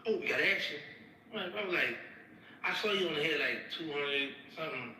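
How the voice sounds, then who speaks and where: A man telling a rambling, slangy story in a casual, animated way. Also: a little high, brisk, slight background noise. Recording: echoey with crowd behind.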